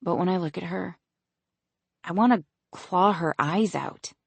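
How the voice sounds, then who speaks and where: An audiobook narrator voicing an anxious, emotional young woman in love, speaking hesitantly and softly. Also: mid-range voice, a little slow, creaky, slightly rough, dry recording. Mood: earnest.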